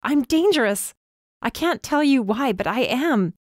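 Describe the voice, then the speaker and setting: A woman voicing a frightened but defiant young female student, emphatic and often shouting. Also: medium pitch, moderate pace, no echo, studio quality, close to an everyday voice. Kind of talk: audiobook character voice.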